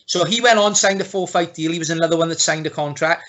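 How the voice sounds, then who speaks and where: A man hosts a relaxed interview, starting and restarting his questions. His voice is high for a man and sounds bright and forward. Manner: asks questions with halting restarts. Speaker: host, coach. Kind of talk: casual interview.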